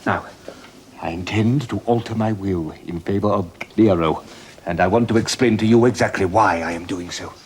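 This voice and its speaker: An actor playing an aging Roman emperor and father in a 1970s television period drama, speaking earnestly and haltingly. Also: fairly low pitch, slight background noise, close to an everyday voice. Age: older.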